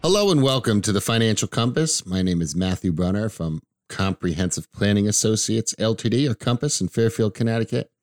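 Low-voiced male host, casual and chatty, dry studio mic. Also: animated, fairly quick, hardly any pauses, no echo. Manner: chatty, restarts often, laughs easily. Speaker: financial radio show host. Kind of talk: casual radio talk.

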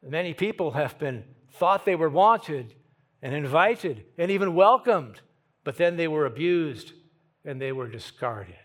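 A man preaching a sermon, moving from hushed lines to emphatic ones and repeating words as he thinks aloud. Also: fairly high pitch, animated, measured pace. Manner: dramatic swings from hushed to emphatic. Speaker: pastor.

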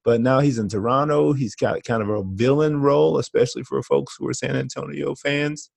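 Gravelly laid-back man chatting. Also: mid-range voice, steady tone, a little fast, a little mellow, no room sound. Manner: laid-back slangy, laughs often. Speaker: podcast co-host. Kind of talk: casual chat.

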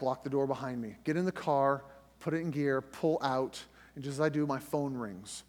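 A man's voice: medium pitch, normal speed, big-room sound. A middle-aged man hosting a faith podcast, telling a personal story in a conversational way with frequent restarts. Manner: conversational storytelling with restarts, rising tension when reliving the scare. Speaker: podcast host.

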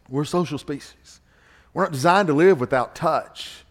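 A middle-aged male pastor delivers an emphatic sermon, circling back to repeat his key phrases. His voice sits somewhat high for a man. The sound carries a long reverb from a large church auditorium. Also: moderate pace.

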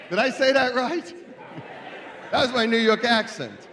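A man preaching as a guest speaker at a church celebration, moving from quiet storytelling to loud calls to the congregation. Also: sits high, very animated, measured pace, some chatter behind. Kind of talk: sermon.

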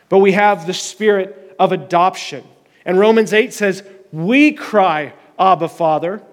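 A man's voice: high-pitched, in a large hall. A man preaching a conversational sermon as pastor, reading scripture aloud with earnest emphasis.

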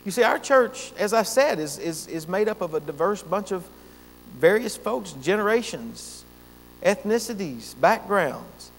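High-voiced preaching man in a reverberant church. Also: lively intonation, unhurried. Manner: earnest preaching with emphatic repetitions. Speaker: pastor. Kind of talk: sermon. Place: church sanctuary. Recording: long church reverb, faint hum.

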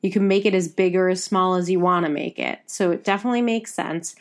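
A woman's voice: fairly low pitch, fairly quick. Chatty Midwestern woman podcaster. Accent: Midwestern American. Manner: chatty, rambling, says like a lot. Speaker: podcast co-host. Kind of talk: casual chat.

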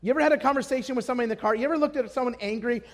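High-voiced preacher man in a reverberant hall. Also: rapid-fire. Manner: passionate preaching, swinging between hushed and shouted. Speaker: pastor. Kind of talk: sermon.

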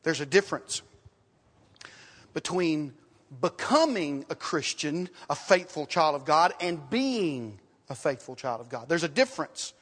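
A man preaching a sermon in a church, emphatic, repeating his phrases and asking rhetorical questions, swinging from loud to hushed. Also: on the high side, sing-song, measured pace, long reverb tail. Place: church sanctuary.

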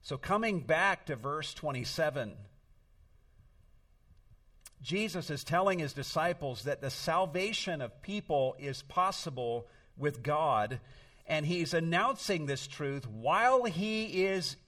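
A man's voice: a little high, animated, takes it slowly, a bit bright, far from the mic. A middle-aged man preaching a sermon as pastor, earnest and storytelling, leaning on emphatic words.

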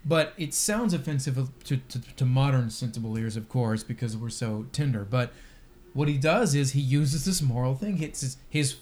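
A man's voice: medium pitch, expressive, normal speed, a little mellow. Man podcast cohost, chatty and wry, lots of restarts. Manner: thoughtful, wry, with many restarts. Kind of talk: casual discussion of apologetics.

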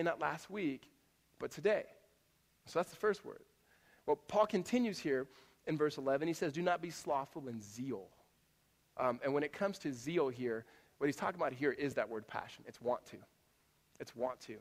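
A man preaching a sermon as a pastor to a church congregation, talking in a conversational, animated way with frequent restarts. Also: on the high side. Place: church auditorium. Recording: long hall reverb.

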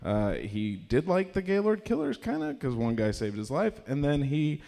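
Awkward, halting stand-up comic, man. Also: fairly high pitch, wildly swooping pitch, gravelly, warm tone. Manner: awkward, halting delivery with many fillers; shrieking impressions of strangers. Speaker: stand-up comedian. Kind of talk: stand-up set. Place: small performance space with a live audience. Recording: live room with long reverb.

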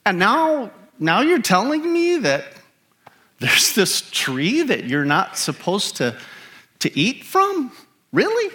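A man's voice: high-pitched, wildly swooping pitch, slow, bright, forceful tone, pitched above the performer's own voice, heavily acted. A man voicing a sarcastic male serpent devil with a mocking, incredulous drawl.

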